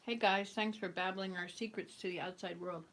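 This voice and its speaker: A woman's voice: medium pitch, fairly even intonation, moderate pace, fairly bright tone. A woman host reading a book aloud casually, chatty and correcting her own slips, at times munching a cookie. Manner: chatty, stumbles and corrects herself; talks around a cookie.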